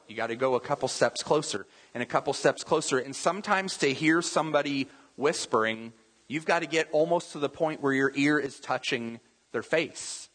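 A man preaching to his congregation in a bright, slightly husky voice. His sermon feels conversational, with rhetorical questions and asides. A long reverb trails his words through the hall. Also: mid-range voice. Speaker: pastor.

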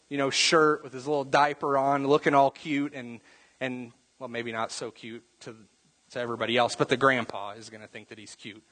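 A man's voice: mid-range voice, fairly bright tone. A man preaching a conversational sermon, often repeating words as he goes and briefly acting out the voices of the people in his story. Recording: long reverb.

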